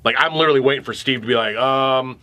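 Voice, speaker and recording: A man co-hosts a casual podcast and tells his stories in an animated, profane way. His voice is bright and forceful, with a tense edge. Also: mid-range voice, fast. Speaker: podcast co-host. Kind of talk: casual chat.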